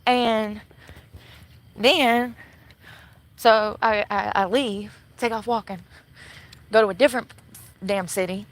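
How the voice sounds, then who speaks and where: A woman's voice: medium pitch, fairly even intonation, takes it slowly, pauses often, rough recording. A woman livestreaming outdoors at night from her phone, bitter and swearing constantly as she rants. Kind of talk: angry profane ranting livestream. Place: outdoors at night near a shopping center. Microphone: phone camera.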